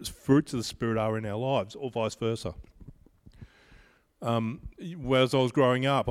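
A man's voice: medium pitch, smooth. Man preaching in a reverberant hall. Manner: measured, personal storytelling. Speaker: pastor. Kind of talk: sermon. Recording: long reverb of a large hall.

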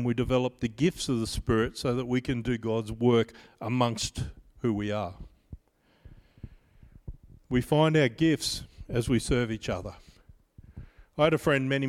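Recorded with the long echo of a large hall, a medium-pitched pastor in his fifties delivers a measured sermon. He weaves scripture together with stories from his own life.

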